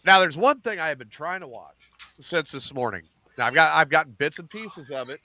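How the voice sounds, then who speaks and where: Middle-aged man, podcast host, bright, forceful voice, animated, swears freely. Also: a little high, a little fast. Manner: animated, profane, acts out lines from shows. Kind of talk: casual chat recapping TV shows.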